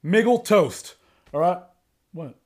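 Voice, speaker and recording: Man, podcast host, casual banter, crude jokes, animated delivery. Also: high voice, slow. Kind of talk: casual chat.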